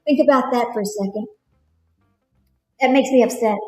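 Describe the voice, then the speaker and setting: A woman's voice: a little high, moderate pace, reverberant, soft background music, poor audio. A woman with a Texas drawl, chatting casually to viewers on her livestream commentary. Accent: Texan. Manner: chatty, laughs often, talks to viewers. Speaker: livestream host.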